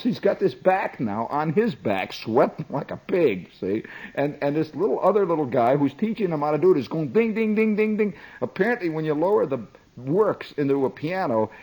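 Husky middle-aged man spinning a funny yarn, chatty asides, very animated delivery. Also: a little high, low-quality recording. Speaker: storyteller. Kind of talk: comic storytelling monologue.

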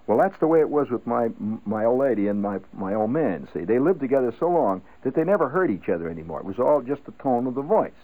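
Guy spinning a rambling story on the radio, animated, tinny phone-like audio. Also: mid-range voice, quick pace, few pauses. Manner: conversational, digressive, asides like "see?". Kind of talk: rambling spoken-word storytelling. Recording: tinny narrow-band radio broadcast.

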